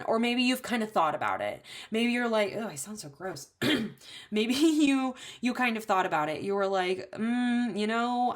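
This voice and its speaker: A woman's voice: medium pitch, fairly bright tone. A woman giving a pick-a-card tarot reading, chatty and empathetic, rambling with many fillers. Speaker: tarot reader.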